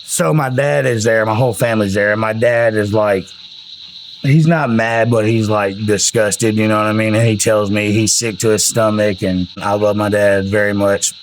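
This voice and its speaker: A man's voice: on the low side, fairly even intonation, moderate pace, slight background noise, rough recording. A man, telling rambling, profane stories about his music in a casual way. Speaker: country singer telling album stories. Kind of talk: casual storytelling.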